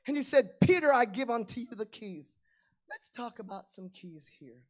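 A woman preaching a sermon, swinging between hushed lines and loud emphatic ones, acting out little everyday dialogues. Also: a little high, sing-song, moderate pace. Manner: acts out little dialogues in plain voices.

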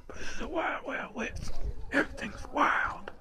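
A man's voice: very high-pitched, moderate pace, noisy background. A man vlogging outdoors in the cold at a national park, talking in a slangy, profane way. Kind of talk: hushed vlog narration. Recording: loud music over the voice.

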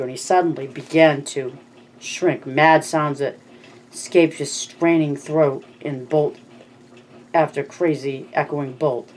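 An amateur audiobook narrator reads a novel aloud in a middling pitch, now and then stumbling and restarting a word. Faint background noise runs under the reading. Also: a little mellow, low-quality recording. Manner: reads with frequent slips and restarts.

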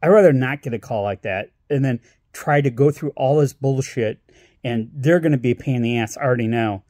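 A man's voice: medium pitch, brisk, dark tone, dry recording, clean studio sound. A man ranting in a vlog, exasperated and sarcastic, swearing freely as he complains. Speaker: vlogger.

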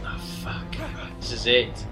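A young man giving profane, excitable commentary while playing a fighting game against a friend, trash-talking and laughing often. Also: slow, loud music behind the voice.

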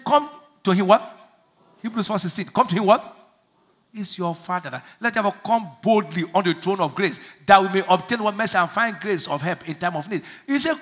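A man's voice: high voice, pushed and bright. A man preaching a sermon as pastor, laughing often and calling out for the congregation to answer back. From Nigeria. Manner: laughing, call-and-response preaching; acts out prayers in small voices.

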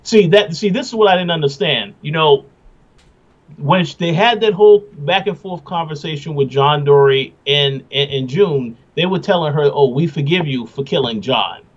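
Brief: male co-host, higher-pitched, halting, lo-fi dull recording. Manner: halting, restarts often while giving opinions. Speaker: podcast co-host. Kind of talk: casual recap chat.

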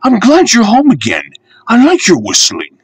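A man voicing an excitable little engine in a children's storybook, high and loud. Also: moderate pace, breathy edge, dry recording, exaggerated voice. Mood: friendly.

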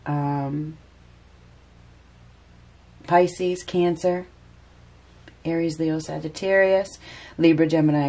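A woman's voice: fairly low pitch, a little mellow. A woman giving a casual spoken tarot reading, chatty and repeating phrases for emphasis. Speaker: tarot reader.

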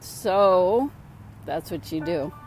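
A woman's voice: on the low side, lively intonation, extremely slow, darkish tone, soft background music. A middle-aged woman, a spiritual mentor, talking casually and upbeat outdoors at sunset, repeating phrases for emphasis. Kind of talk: casual motivational talk to camera.

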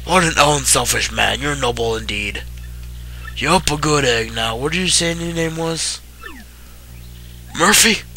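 A man's voice: fairly high pitch, expressive, a little slow, long pauses, bright, forceful tone, slight background noise, voice pushed up, full character voice. A man voicing a fretful, suspicious old male turtle villager from a video game, reading dialogue with indignant old-timer phrasing over game music. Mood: flattering. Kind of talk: voicing game dialogue during a let's play.

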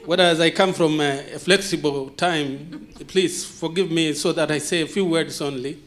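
A man with a first language other than English gives an impassioned conference talk, full of repeated rhetorical questions and dramatic pauses. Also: a little high, steady tone, fairly bright tone. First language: not English. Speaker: conference speaker. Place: conference hall.

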